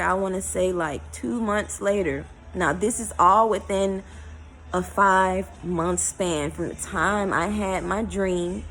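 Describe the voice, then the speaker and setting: A woman tells a personal story in a vlog, emotional and halting, with many fillers. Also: fairly low pitch, low-quality recording. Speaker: vlogger.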